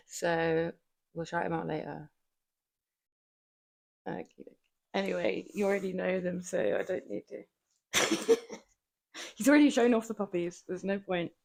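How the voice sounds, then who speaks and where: Woman streamer, low gravelly voice, casual chat, frequent laughs, home gym. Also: animated, slow pace, pauses often, darkish tone. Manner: chatty, laughs often, swears casually. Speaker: livestreamer working out.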